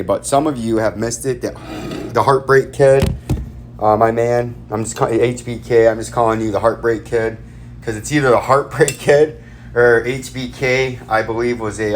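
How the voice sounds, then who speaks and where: A man's voice: medium pitch, a little hiss or hum. A man hosting a casual crypto vlog, rambling and ranting with heavy profanity.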